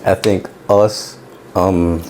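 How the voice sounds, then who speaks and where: A man's voice: sits low, flat delivery, very slow, background noise. A young man co-hosting a podcast, speaking in a laid-back, slangy way with lots of filler words. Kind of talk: casual podcast chat.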